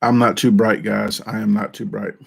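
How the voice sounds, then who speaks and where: A man's voice: lowish voice, level tone, moderate pace, vocal fry, breathy edge. A man hosting his own channel in casual, rambling chat, talking into a desk microphone and joking at his own expense. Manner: rambling, self-deprecating, with frequent restarts. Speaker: YouTube channel host.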